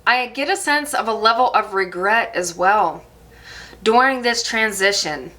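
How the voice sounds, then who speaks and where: A woman giving a channeled tarot reading to her viewers in a soft, reassuring, reflective way. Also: medium pitch, expressive, measured pace. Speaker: tarot reader.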